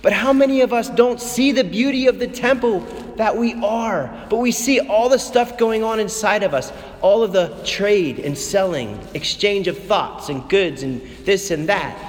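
A man preaching a sermon in a church, passionate, his voice dropping to a hush and then rising again. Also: high-pitched, moderate pace, few pauses, long reverb tail. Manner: impassioned, swings between hushed and raised. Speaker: priest.

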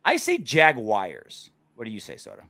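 A man's voice: medium pitch, sing-song, normal speed, fairly bright tone, dry recording. A man hosting a casual sports show after a game, rambling and joking crudely. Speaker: podcast host.

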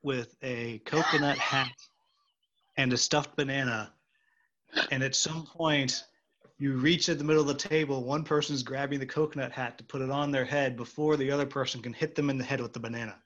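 A man's voice: mid-range voice, fairly even intonation, brisk, a bit bright, lo-fi sound. A man and stage actor hosting a casual interview, rambling and joking. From United States. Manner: chatty, rambling, jokey.

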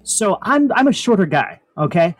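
A man's voice: sits high, sing-song, moderate pace. A man on a casual talk show, telling a long rambling story full of fillers and laughs. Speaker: podcast co-host.

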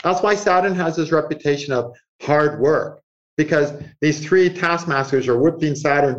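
A man with a slightly high voice talks through astrological ideas in a loose, conversational interview. He acts out the inner voices of his examples and chuckles often. The recording sounds muffled and lo-fi. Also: normal speed. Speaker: astrologer guest. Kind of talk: animated conversational explanation.

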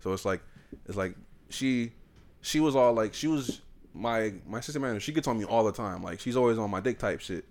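A man's voice: on the low side, lively intonation, brisk, a little mellow. A man co-hosting a casual podcast, joking and cutting in with teasing remarks. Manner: joking, interjects and teases. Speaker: podcast co-host. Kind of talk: casual banter.

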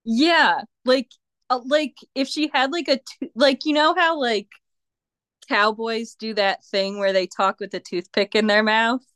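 A woman guest on a podcast, chatting casually in an unhurried way and laughing often. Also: a little high, fairly even intonation, fairly bright tone, no room sound, studio quality. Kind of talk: casual chat.

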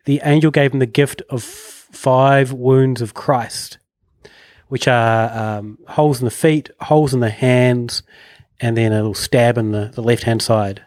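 A man's voice: mid-range voice, steady tone, measured pace, darkish tone, no echo, studio quality. A young man, chatting casually and rambling as a podcast co-host. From New Zealand. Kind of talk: casual chat.

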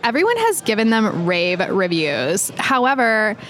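A woman's voice: mid-range voice, big pitch swings, measured pace, fairly bright tone, slight background noise. A woman voicing a chatty young Valley Girl who reads out a disappointed review in an exaggerated way. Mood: peeved.

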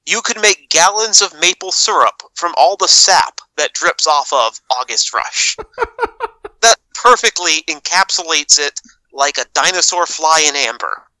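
Male panelist, wry and blunt, sharp bright tone. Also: a little high, animated, no room sound, rough recording. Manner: wry, blunt, measured delivery. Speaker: podcast panelist. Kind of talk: prepared opinion piece.

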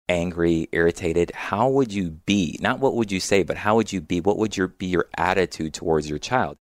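A man with a very low voice talks calmly in a reflective conversation. He explains ideas patiently and acts out little inner voices as examples. The sound is dry and close. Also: no room sound. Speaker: guest speaker on emotions.

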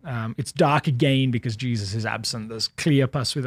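A man's voice: medium pitch, moderate pace, breathy edge, no room sound. A man with an English accent, a pastor talking casually and thoughtfully on a podcast. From England. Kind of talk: casual chat.

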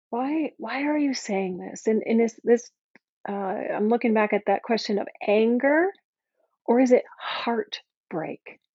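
A woman with a fairly high voice gives an earnest faith talk, pleading gently and pastorally with the listeners of her Christian podcast. The recording is dry and slightly dull, with no room sound. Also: no echo.

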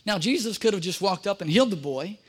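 Pastor guy preaching, kinda high voice, hammers the same phrases over and over, talks right to the people. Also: lively intonation, fast. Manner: emphatic, repeats key phrases, addresses the congregation directly. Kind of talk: sermon.

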